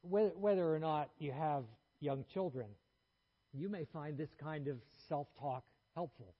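Husky man preaching a measured sermon. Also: fairly high pitch, highs cut off. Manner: measured, earnest preaching with trailing soft phrase endings and small restarts.

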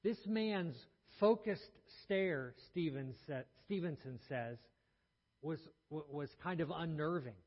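Taking it slowly in a voice that's a little high, the preacher earnestly relates a story from the pulpit and keeps restarting his words. Audio is muffled and reverberant, as in a large hall.

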